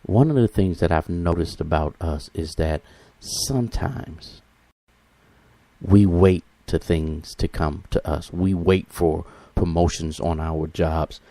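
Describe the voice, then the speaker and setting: A man hosting a motivational talk, reflective and often pausing to search for his words. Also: deep voice, dark tone, no room sound. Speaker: podcast host.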